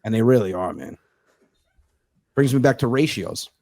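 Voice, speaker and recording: A man's voice: medium pitch, normal speed, vocal fry, no room sound. A male stand-up comedian chatting as a podcast guest, telling profane stories and acting out the dialogue. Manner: animated, profane storyteller who acts out dialogue. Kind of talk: casual podcast chat.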